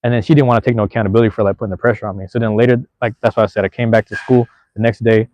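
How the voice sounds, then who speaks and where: Young male podcast host from Seattle, quick casual storyteller, slangy and profane, dry close sound. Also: on the low side, steady tone, a little mellow, no echo. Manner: laid-back, profane, slangy. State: out of breath.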